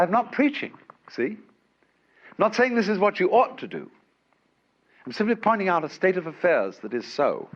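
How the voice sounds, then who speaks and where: A man giving a public lecture in an unhurried, wry way, with chuckles, on an old lo-fi recording from a lecture hall. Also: high voice. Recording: dull lo-fi archive lecture recording.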